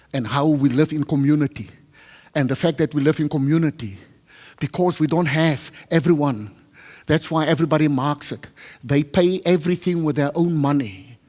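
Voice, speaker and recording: South African preacher in a reverberant hall. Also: male voice, on the high side, husky. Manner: switches between Afrikaans and English, acts out dialogue loudly. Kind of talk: sermon storytelling.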